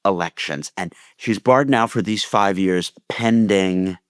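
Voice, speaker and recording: A man's voice: low voice, takes it slowly, smooth, dry recording, clean studio sound. A man co-hosting a political podcast, arguing with passion and emphasis. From United States. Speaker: podcast co-host.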